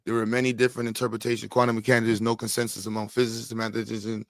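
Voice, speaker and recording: Animated trash-talking man, dry close sound. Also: on the low side, rapid-fire, no room sound. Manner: animated, laughing, slangy and teasing. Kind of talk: casual trash-talking banter.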